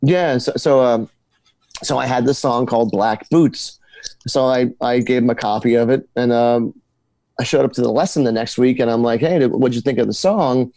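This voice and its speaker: A man from New Jersey spins casual stories as a guest on a talk show, animated and quick to repeat himself when he gets going. His voice sits in a middle range and is recorded dry and close. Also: mid-range voice, dry recording. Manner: animated storyteller, repeats words when excited. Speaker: guest musician. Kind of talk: casual storytelling interview.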